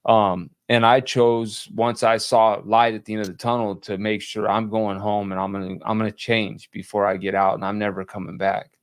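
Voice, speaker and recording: A man in casual conversation, speaking slowly and plainly with frequent restarts and fillers. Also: fairly low pitch, flat delivery. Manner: slow, halting, plainspoken, many restarts. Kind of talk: casual conversation about life after prison.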